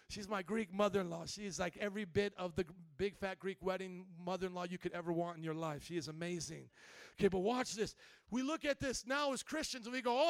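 A male pastor preaching with a very high, gravelly voice. He jokes with the congregation, acts out the people he quotes, and swings between loud bursts and quiet, intimate lines. The sound is dry and close. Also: fast, dry recording. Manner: jokey asides to the congregation. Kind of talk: sermon.

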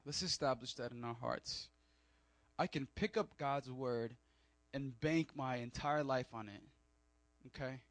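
A man preaching a sermon, animated with joking asides and loud emphatic peaks. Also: mid-range voice, measured pace, dry recording. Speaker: pastor.

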